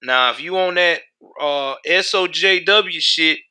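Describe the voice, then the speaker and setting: A man's voice: a little high, a little slow, bright, forceful tone, smooth. A man hosting a live stream, talking back to his chat in heated, profane commentary. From United States. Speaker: livestream host.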